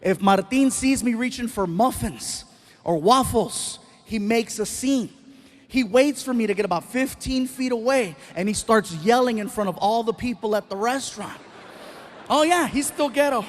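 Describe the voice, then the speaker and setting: A middle-aged man performing a stand-up comedy set on a live stage, telling stories with animated delivery and acting out other people's voices. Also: high voice, normal speed.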